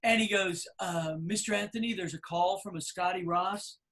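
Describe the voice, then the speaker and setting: A middle-aged man telling a long anecdote on a podcast, acting out the people he quotes in loud, animated voices. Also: high-pitched, moderate pace. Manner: animated storyteller, acts out quoted people loudly. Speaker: podcast co-host. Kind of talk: casual storytelling.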